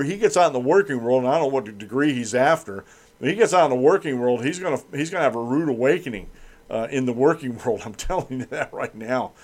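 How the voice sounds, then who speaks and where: A man hosting a political commentary show, reading news items and then ranting about them with scorn. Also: medium pitch.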